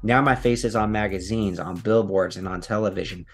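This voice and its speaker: A man with a fairly low voice reads an old magazine article aloud, then drifts into easygoing, chatty remarks of his own. Soft music plays faintly underneath. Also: a little fast. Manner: laid-back, chatty asides between read passages. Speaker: video host. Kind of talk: reading a magazine article aloud with casual commentary.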